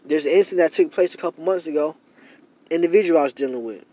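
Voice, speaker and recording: A man's voice: a little high, quick pace, mellow. A young man in a casual monologue to camera, rambling and repeating himself with many fillers, growing heated and emphatic. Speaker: vlogger.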